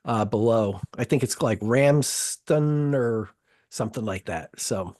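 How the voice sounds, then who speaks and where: A man's voice: medium pitch, slow, a little mellow. A man co-hosting a podcast in casual chat, telling stories in a rambling, profane way with many restarts. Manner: rambling, profane, self-interrupting storyteller. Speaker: podcast host.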